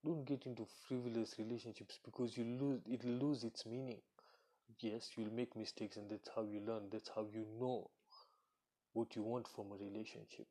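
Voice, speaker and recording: Brief: man, mid pitch, slightly husky, blunt swearing monologue. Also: flat delivery, moderate pace, dark tone. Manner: blunt, profane, ranting; acts out quoted voices. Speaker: commentator. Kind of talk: casual monologue.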